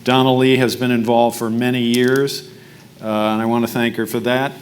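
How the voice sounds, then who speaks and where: Man as mayor at a podium, halting and self-deprecating, mid-range voice, faint room noise. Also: mid-range voice, little pitch movement. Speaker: mayor giving remarks. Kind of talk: speech at a breakfast event.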